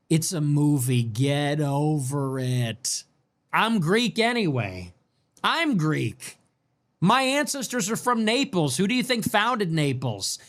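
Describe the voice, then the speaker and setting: Sarcastic, animated male streamer. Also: takes it slowly. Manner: sarcastic, mocking, swings between loud outbursts and low mutters. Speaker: livestream host. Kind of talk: livestream commentary reading super chats.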